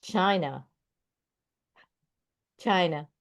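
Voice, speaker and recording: Slow-paced woman reading quiz answers. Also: on the low side. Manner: slow, deliberate, announces each question number. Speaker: trivia quiz host.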